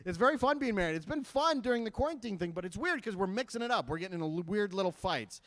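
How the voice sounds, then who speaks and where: A man's voice: sits high, expressive, quick pace, background noise. A man in his thirties from Michigan doing a stand-up comedy set, self-deprecating and chatty with the audience. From Michigan, USA. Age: 30s. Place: live event stage at a school fundraiser.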